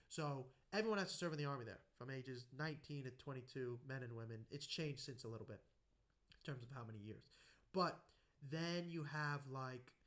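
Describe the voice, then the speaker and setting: A man hosting a podcast, telling anecdotes in a casual, animated way and acting out the voices in his stories. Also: medium pitch. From United States. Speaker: podcast host. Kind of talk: casual conversational storytelling.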